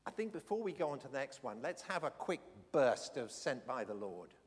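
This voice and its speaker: A man's voice: mid-range voice, big pitch swings, a little fast, slightly rough. Man preaching in a reverberant hall. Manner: earnest, reflective, with hesitant fillers. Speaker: preacher leading a church gathering. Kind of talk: storytelling sermon.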